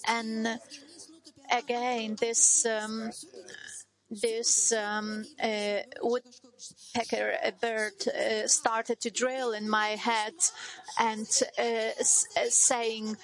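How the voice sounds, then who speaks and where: A middle-aged woman giving a personal testimony as a mother, speaking halting, non-native English with many hesitations and restarts. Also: a little high, flat delivery, fairly bright tone, low-quality recording.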